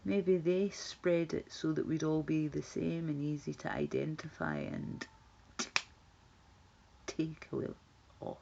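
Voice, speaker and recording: Gravelly-voiced Scottish woman rambling on stream. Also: sits low, animated, unhurried, dark tone, lo-fi sound, slight background noise. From Scotland. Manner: rambling, reacting to chat comments. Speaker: livestreamer chatting with viewers. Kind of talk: casual livestream chat.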